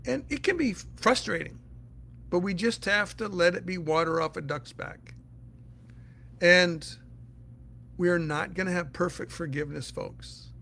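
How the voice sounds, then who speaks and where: A man's voice: sits high, measured pace, creaky, long pauses, bright, forceful tone, a little hiss or hum. A man teaching the Bible in a casual, earnest way, answering listener questions and explaining step by step.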